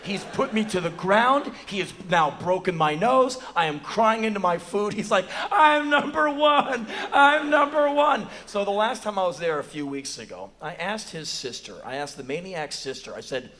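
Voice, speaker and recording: An American man in his forties telling a profane, animated story on a theater stage, acting out other people's lines in a high voice. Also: moderate pace, hardly any pauses, slight background noise. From United States. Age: 40s. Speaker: spoken word performer. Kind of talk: live spoken word storytelling. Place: theater stage before an audience.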